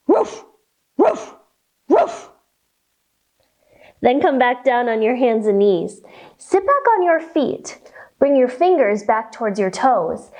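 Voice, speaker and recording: Woman leading a children's yoga storytime; high, bouncy voice, unhurried and playful. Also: a little mellow. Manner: slow, playful sing-song instructions to children. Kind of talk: guiding a kids' yoga storytime.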